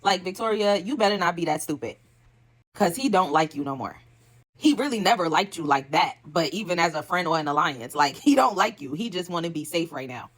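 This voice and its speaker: Sassy, fast, lower-voiced woman for a casual TV recap. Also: lively intonation. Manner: sassy, chatty, quick asides and laughs. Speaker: reality TV recapper.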